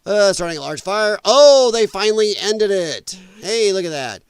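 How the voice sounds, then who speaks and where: A man's voice: sits high, expressive, moderate pace, clean tone, no room sound. A man hosting an opinionated news commentary show, talking bluntly and mockingly, and rambling as he goes. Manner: rambling, trails off while scrolling. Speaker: podcast host.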